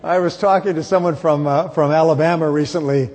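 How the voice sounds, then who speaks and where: A middle-aged motivational speaker addresses a large conference hall in a slightly high, steady, brisk and somewhat mellow voice. Recorded from far off in a reverberant hall, his speech is emphatic and repetitive, with joking stories.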